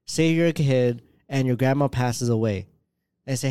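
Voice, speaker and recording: Male podcast co-host, rambling and profane, dry close mic, average pitch. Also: normal speed, dark tone, smooth, no room sound. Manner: rambling, profane, lots of restarts. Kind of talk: casual crude banter.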